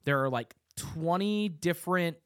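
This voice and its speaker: A man's voice: a little high, unhurried, smooth, dry recording, studio quality. A man co-hosting a casual podcast chat, explaining things matter-of-factly. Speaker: podcast co-host.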